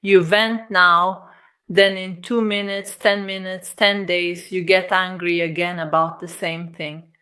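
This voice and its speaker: A woman's voice: lowish voice, flat delivery, takes it slowly, bright, forceful tone, clean tone. A woman love coach giving direct advice to the camera, blunt and lecturing, full of rhetorical questions.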